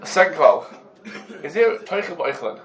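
A man's voice: fairly high pitch, sing-song, a little slow, a crowd in the background, low-quality recording. A man teaching a religious law class to students, laying out cases through rhetorical questions and Hebrew terms mixed into English. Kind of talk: Talmudic law lesson.

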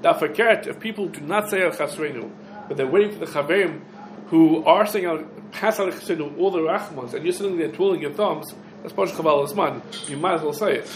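Animated man teaching a Torah class. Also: fairly high pitch, fairly quick, slight background noise. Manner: animated, asks and answers his own questions. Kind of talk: halacha class lecture. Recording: echoey room with faint ambience.

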